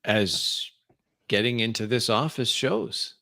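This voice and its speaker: A man's voice: medium pitch, slow pace, creaky, sharp tone, no room sound, clean studio sound, heavily acted. A man voicing a still, red-eyed robot crime boss in a tabletop game who speaks in a cool, probing, businesslike manner.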